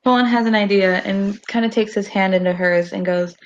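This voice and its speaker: A woman's voice: medium pitch, steady tone, a little fast, hardly any pauses, lo-fi sound. A woman player casually describing her character's actions in a tabletop game.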